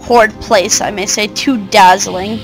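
A woman's voice: medium pitch, steady tone, measured pace, faint music behind, natural voice, rough recording. A woman voicing a haughty, scornful ancient mother of darkness, reading her game dialogue aloud.

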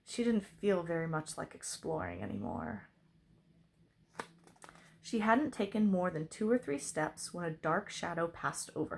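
A woman reading a children's novel aloud, expressive. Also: fairly low pitch, creaky, slight background noise. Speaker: reader.

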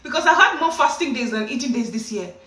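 A woman telling a story casually to camera in an animated way, often slipping into acted voices. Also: high-pitched, fast talker. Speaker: vlogger. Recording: echoey room, distant from the mic.

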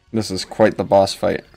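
A man's voice: deep voice, creaky, a little mellow, husky. A man casually commenting while he plays a game, laid-back and self-mocking, with mumbled asides. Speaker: gaming channel host. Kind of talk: casual let's play commentary. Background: faint game music.

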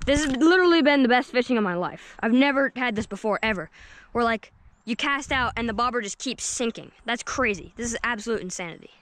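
Excitable high-voiced woman fishing vlogger. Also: a little fast. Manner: excitable, keeps addressing viewers as guys. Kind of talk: excited outdoor vlog commentary. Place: outdoors at a lakeshore.

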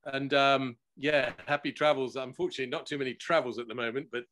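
A man recording engineer talking in a relaxed, chatty interview, laughing often and using many fillers, over a video call. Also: medium pitch, quick pace, slight background noise. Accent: none regional, no Scottish accent. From born in Gibraltar, grew up worldwide.

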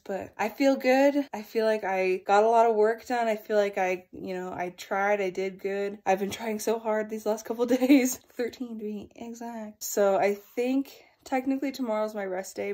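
A woman's voice: medium pitch, darkish tone. A young woman vlogs in a loose, rambling way, dropping fillers constantly. She is tired and out of breath from exercising, but she keeps chatting with the camera. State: out of breath, tired after workout. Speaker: vlogger. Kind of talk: casual vlog chat.

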